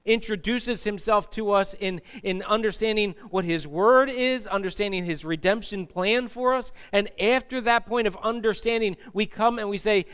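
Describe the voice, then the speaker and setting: A man with a high, smooth and resonant voice preaches a sermon in a church. He speaks with emphasis and often asks the congregation to respond. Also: normal speed, hardly any pauses, a bit bright. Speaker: pastor. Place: church sanctuary.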